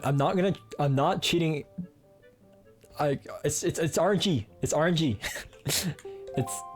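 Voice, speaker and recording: A man at an ordinary middle pitch chats through a live gameplay stream in a teasing, playful way. He often stumbles and repeats words as he goes, with faint game music playing behind him. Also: a little mellow.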